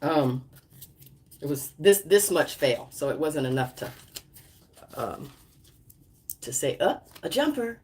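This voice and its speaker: A woman's voice: low-pitched, animated, slow, long pauses, a little mellow, slightly rough. A woman hosting a psychic livestream, chatting casually and laughing often as she pulls oracle cards, drifting through restarts and trailing thoughts. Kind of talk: casual livestream talk with card reading.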